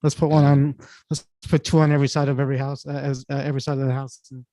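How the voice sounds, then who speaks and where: A man's voice: medium pitch, level tone, racing, dark tone, no echo, studio quality. A man co-hosting a podcast, telling rambling anecdotes with restarts and laughter. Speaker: podcast co-host. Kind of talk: casual chat.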